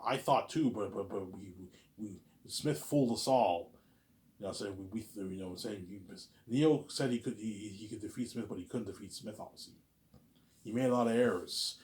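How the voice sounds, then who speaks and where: Man, low voice, rambling vlogger who keeps saying "you know what I'm saying" and jumps loud to act out lines. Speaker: vlogger pitching a movie idea. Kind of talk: rambling casual monologue to camera.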